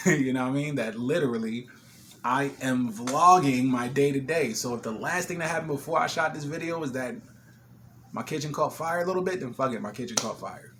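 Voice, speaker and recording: A man vlogging at home, retelling a kitchen fire in an animated, swearing, laughing way, still shaken. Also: mid-range voice, fairly quick, noisy background. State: shaken after a scare. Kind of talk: casual storytelling vlog. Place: apartment kitchen, smoky.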